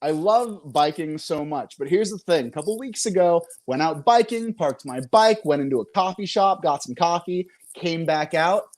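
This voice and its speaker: A man's voice: on the high side, moderate pace, few pauses, a little mellow. A young man doing a self-mocking stand-up set, chuckling between jokes. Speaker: comedian and show host.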